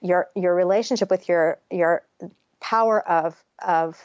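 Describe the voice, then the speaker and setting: Low-voiced woman telling her story frankly. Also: unhurried, a little mellow, clean tone, dry recording. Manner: frank, chatty, peppered with "like" and swearing. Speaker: guest author. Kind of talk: candid personal storytelling in a podcast interview. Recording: dry, slightly dull audio.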